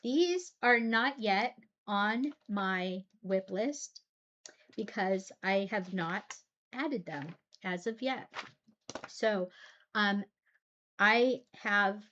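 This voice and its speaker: A woman showing her cross stitch projects in a casual vlog, talking softly with many ums, teary and her voice catching. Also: mid-range voice, muffled recording, a little hiss or hum. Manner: soft-spoken, pauses often with ums. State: teary, voice breaking. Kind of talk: casual show-and-tell vlog.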